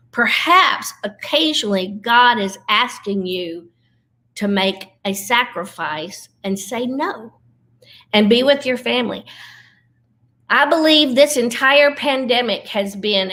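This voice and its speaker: A middle-aged woman, giving an earnest, folksy devotional talk over a video call, slowing down for emphasis. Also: fairly high pitch, bright, forceful tone. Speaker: Christian comedian speaker.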